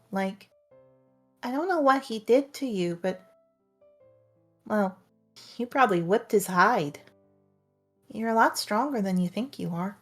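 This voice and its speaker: A woman voicing a blunt, protective young dragon princess who talks straight and swears freely. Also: medium pitch. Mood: stern.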